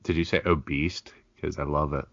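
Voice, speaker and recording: Man, very low voice, dry close sound, slightly dull lo-fi audio, laughing, jokey podcast chat. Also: normal speed, dry recording. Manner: laughs often, animated jokey delivery. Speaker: podcast co-host. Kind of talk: casual crude comedy chat.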